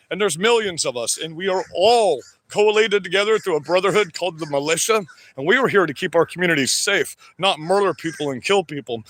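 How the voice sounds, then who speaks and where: A man's voice: sits high, a bit bright. A man delivering an angry, profane, confrontational rant straight to the camera. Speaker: political vlogger.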